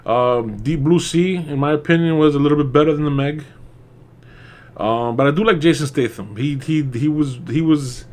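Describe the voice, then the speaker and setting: A man's voice: fairly high pitch, normal speed. A young man casually reviewing a movie, rambling with frequent laughs, swearing and mocking asides.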